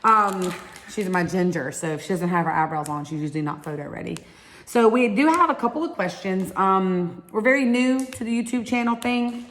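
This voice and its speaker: A talkative woman in her forties with a broad Southern accent from Alabama. She drawls one-syllable words into two syllables and chats easily in a middle-pitched voice, answering viewer questions in a relaxed, rambling way. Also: normal speed. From Alabama, USA. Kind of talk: casual chat.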